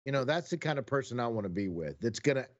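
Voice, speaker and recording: A man's voice: mid-range voice, expressive, fast. Man, casual podcast chat, folksy, rambling, reflective, slightly muffled lo-fi sound. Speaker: podcast co-host.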